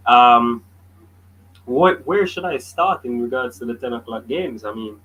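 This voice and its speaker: A man's voice: medium pitch, animated, measured pace, fairly bright tone, slightly rough, poor audio. A man from Jamaica co-hosting a casual sports podcast, talking in a blunt, joking and opinionated way. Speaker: podcast co-host. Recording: faint background noise.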